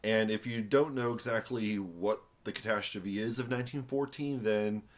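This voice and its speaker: A young American man with a fairly low voice talks at a moderate pace, worn out after a long day. He's a vlogger reviewing a book at home, rambling casually into a camera on a tripod with lots of fillers and wry asides.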